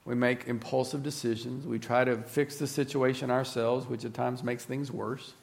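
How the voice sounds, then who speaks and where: A man preaching a sermon in an earnest, reflective way, often dropping to a soft, low voice. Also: little pitch movement, moderate pace, creaky.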